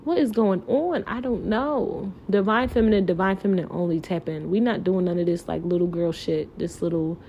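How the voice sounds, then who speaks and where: A woman with a lowish voice delivers an emotional podcast monologue on her own, pleading and impassioned, almost crying, with frequent fillers and swearing. She keeps a moderate pace with few pauses. The audio is dull, with slight background noise.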